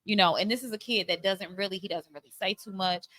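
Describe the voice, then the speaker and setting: A middle-aged woman, telling a heartfelt family story on a podcast with many fillers and pauses. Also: medium pitch, fairly bright tone, no echo. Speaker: podcast co-host. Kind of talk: candid conversation about parenting.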